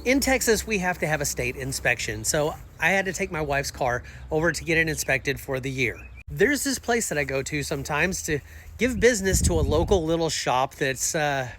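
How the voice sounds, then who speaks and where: A man's voice: fairly high pitch, fairly bright tone, a little hiss or hum. A man casually telling a story to camera, in an exasperated, sarcastic way. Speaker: vlogger.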